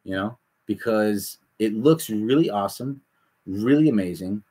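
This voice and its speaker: A man hosting a casual chat, rambling and animated, often repeating himself. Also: on the low side, unhurried, breathy edge. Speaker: podcast host.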